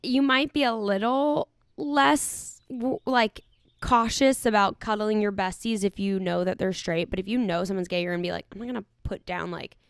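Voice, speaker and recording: A woman's voice: mid-range voice, fairly even intonation, moderate pace, clean tone, dry recording, clean studio sound. A young woman co-hosting a podcast who reads a listener's letter and then gives frank, chatty advice. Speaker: podcast co-host. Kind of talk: casual chat.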